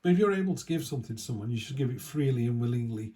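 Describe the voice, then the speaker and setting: A man's voice: mid-range voice, expressive, rapid-fire, dark tone. A man giving a casual tarot reading, chatty and rambling with lots of asides. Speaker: tarot reader.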